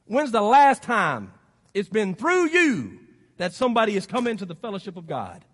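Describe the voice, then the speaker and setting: A male pastor with a Southern accent delivers a folksy, exhorting sermon. His voice sits very high for a man. The sound carries a long reverb from the church sanctuary. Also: big pitch swings, moderate pace, fairly bright tone. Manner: folksy and exhorting, rising to emphatic peaks.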